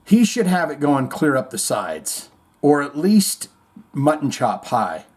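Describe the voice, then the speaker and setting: A man with a sing-song, fairly high voice and a breathy edge speaks slowly as he hosts a casual show. He reads music news aloud and riffs on it with rambling, irreverent, profane asides, mock-reading the quotes.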